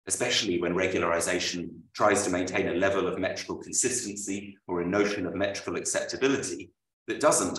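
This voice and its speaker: Deep-voiced man reading a lecture. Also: fairly bright tone. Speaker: author presenting his book. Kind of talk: reading a prepared lecture aloud. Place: lecture room at a book launch. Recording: roomy, voice from far off.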